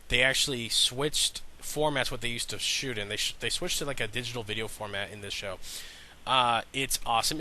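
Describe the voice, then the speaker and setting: Bright-voiced male podcast host with a cold. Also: mid-range voice, a little hiss or hum. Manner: rambling, self-interrupting, laughs easily. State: slightly congested from a sinus cold. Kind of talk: casual podcast chat.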